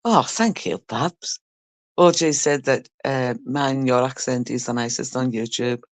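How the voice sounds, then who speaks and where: Streamer woman reading chat, slow easygoing talk, lots of laughing and swearing at viewers, dry close sound. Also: rumbling low, no room sound. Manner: teasing banter, frequent laughter and swearing. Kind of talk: casual chat with a live audience.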